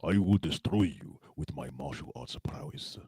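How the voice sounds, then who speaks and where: A man's voice: very deep voice, lively intonation, warm tone, breathy edge, dry recording, studio quality, heavily acted. A man putting on a cliché fake anime Japanese accent as a boastful martial-arts warrior. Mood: boastful threat. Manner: slow, pompous declamation.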